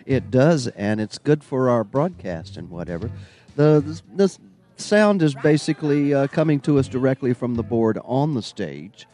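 A man's voice: medium pitch, lively intonation, moderate pace, dark tone. A man hosting a live broadcast from an old theater, chatting with enthusiasm and lots of fillers. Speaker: broadcast host. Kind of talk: casual live broadcast chat.

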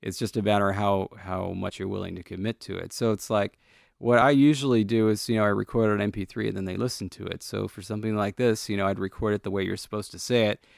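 Man, low gravelly voice, relaxed explainer, coaching tone, dry close sound. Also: quick pace, no echo. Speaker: language creator, guest. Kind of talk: casual interview, teaching pronunciation.

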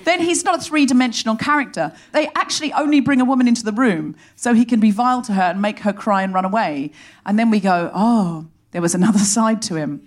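A woman hosting a comedy podcast, delivering an animated, sardonic stand-up monologue on a live stage into a stage mic. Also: a little high. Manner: animated, sardonic, rapid comic storytelling. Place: live theatre stage before an audience.

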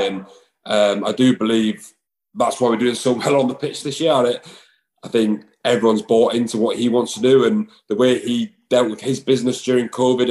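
A man's voice: medium pitch, a little mellow, rough recording. A man, a rugby player chatting casually in an interview, rambling with lots of fillers and restarts. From England.

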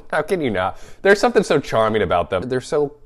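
A man's voice: mid-range voice, sing-song, a little fast. A young man co-hosting a casual movie podcast, laid-back and joking, laughing often as he chats. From Atlanta area. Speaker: podcast co-host.

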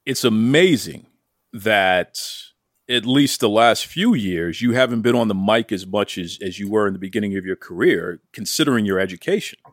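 A man's voice: on the low side, animated, moderate pace, no room sound, studio quality. A man hosting a podcast interview, enthusiastic and teasing in his questions. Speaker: podcast host.

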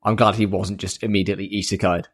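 A man co-hosting a podcast in casual chat, relaxed and enthusiastic as he recaps scenes. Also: lowish voice, fast, breathy edge. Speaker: podcast co-host.

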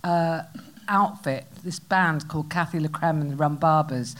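A woman's voice: low-pitched, moderate pace, a bit bright. A woman guest telling frank, self-mocking stories from her past in casual chat. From northern England. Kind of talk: comic anecdote in casual chat.

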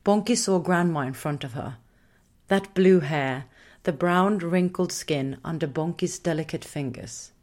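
A woman narrates a storybook slowly and gently, in an unhurried way. Her voice sits on the low side, and she lets each sentence take its time.

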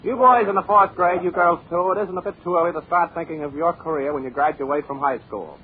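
A man's voice: a little high, crowd noise, lightly acted. A man playing a pompous, long-winded career advisor who drones and halts with uhs. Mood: droning. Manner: pompous, droning, halting with uhs. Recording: tinny old radio broadcast.

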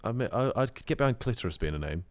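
A man's voice: medium pitch, racing, no room sound. A man co-hosting a podcast, teasing his co-host in casual banter. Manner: teasing, deadpan contrarian.

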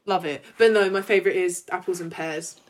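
A woman's voice: lowish voice, a little fast. A woman co-hosting a podcast, chatting cheerfully and emphatically. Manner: cheerful, emphatic, swears casually. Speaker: podcast co-host. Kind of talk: casual chat.

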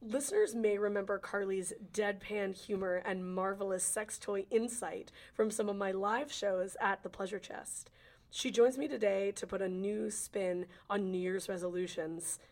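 A woman's voice: mid-range voice, steady tone, moderate pace, a little mellow. A woman hosting a podcast with a cold, chatting playfully with a guest and laughing easily. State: has a cold. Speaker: podcast host. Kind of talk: casual interview chat.

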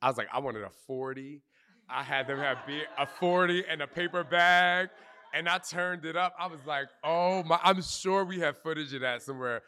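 A man answering questions in front of a group, telling candid stories in animated, slangy speech with cursing and acted-out quotes. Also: on the high side, moderate pace, clear, resonant tone. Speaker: fitness trainer interviewee. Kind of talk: candid storytelling Q&A before a live group. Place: outdoor retreat gathering.

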